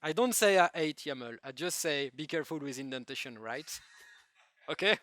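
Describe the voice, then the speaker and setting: A man with a French accent giving a joking, lively tech talk to a live audience. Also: a little high, moderate pace, no room sound. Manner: lively, joking, with non-native phrasing. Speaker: conference speaker.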